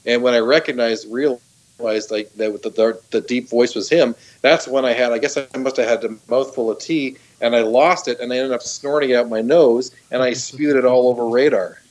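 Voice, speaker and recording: Excited guy telling his story on a talk show, laughs a lot, keeps restarting sentences, mid pitch. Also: normal speed, highs cut off. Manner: excited, laughing often, many restarts and fillers. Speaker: guest telling a personal story.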